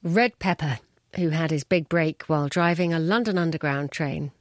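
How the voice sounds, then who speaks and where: A woman presenter reading scripted links between items with a measured, even delivery. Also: low-pitched, no echo, clean studio sound.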